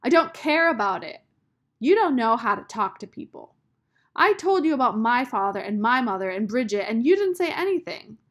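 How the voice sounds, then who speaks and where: A woman's voice: mid-range voice, very animated, moderate pace, creaky. Woman voicing a bossy, fiery young girl. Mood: furious. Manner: indignant, demanding, shouts when angry.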